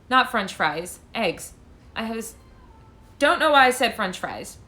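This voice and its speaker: There's slight background noise behind this woman's slightly high, sharp voice. She's a tarot reader on a casual phone livestream, rambling and self-deprecating while responding to viewer questions.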